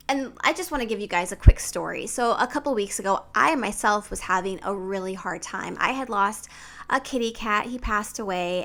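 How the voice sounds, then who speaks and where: A woman's voice: mid-range voice, a bit bright. A woman relationship coach giving candid advice to men straight to camera, speaking frankly and swearing freely. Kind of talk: direct-to-camera advice vlog.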